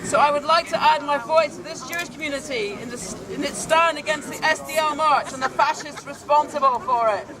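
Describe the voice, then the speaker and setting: A man's voice: very high voice, a little fast, hardly any pauses, a crowd in the background. A man reading a formal statement aloud in an earnest tone at an outdoor street rally. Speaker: rally speaker.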